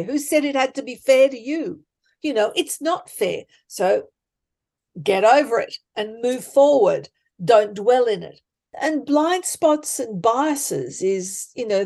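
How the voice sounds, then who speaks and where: A woman life coach, speaking emphatically and deliberately as a podcast guest. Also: on the high side, animated, a little mellow. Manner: emphatic, deliberate, acts out example thoughts. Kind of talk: conversational coaching talk.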